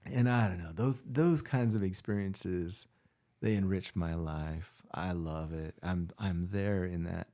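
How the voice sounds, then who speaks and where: A man's voice: low voice, a little slow, warm tone. A man, a physician hosting a casual conversation, telling heartfelt stories and repeating himself for emphasis. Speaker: physician and podcast host.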